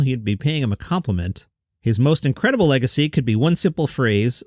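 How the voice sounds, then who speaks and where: A man's voice: mid-range voice, no room sound, studio quality. A man hosting a comedy news podcast, reading old press quotes aloud and adding wry, sarcastic asides.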